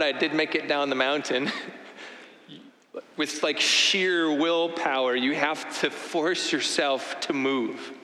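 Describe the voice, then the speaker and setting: A man giving an earnest, reflective personal testimony. He talks in halting phrases, often restarting and repeating himself. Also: on the high side, pushed and bright. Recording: echoey hall with long reverb.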